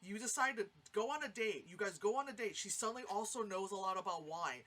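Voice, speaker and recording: A woman's voice: mid-range voice, quick pace. A woman giving a casual, rambling spoken movie review, swearing freely and acting out lines. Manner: rambling, animated, swears freely, acts out quotes.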